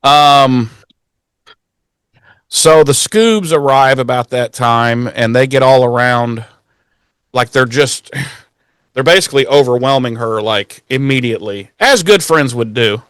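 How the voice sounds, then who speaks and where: A man's voice: mid-range voice, a bit bright, clear, resonant tone, no room sound. Profane, joking man recapping a show. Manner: profane, jokey, acts out characters in quick voices. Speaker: podcast co-host. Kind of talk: casual recap chat.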